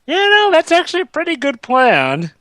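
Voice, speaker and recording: Man, high and very lively voice, playful joker, dry close sound. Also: no room sound. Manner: playful, quick to joke. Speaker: podcast co-host. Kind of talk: casual movie commentary.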